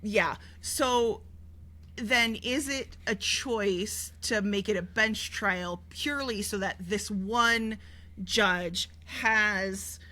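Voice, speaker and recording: A woman's voice: medium pitch, very slow, sharp tone. A woman co-hosting a podcast, chatting casually about a TV show in a rambling way with lots of fillers and restarts. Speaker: podcast co-host. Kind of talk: casual TV recap chat.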